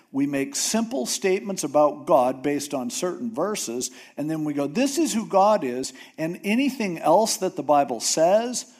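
A man's voice: on the high side, darkish tone. A man preaching a casual sermon in a conversational way, often acting out biblical figures. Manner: conversational, acts out Bible figures.

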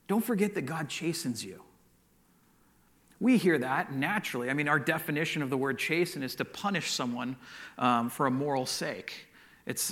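A man's voice: a little high, a bit bright. A pastor preaching a sermon, telling stories and often repeating words as he goes.

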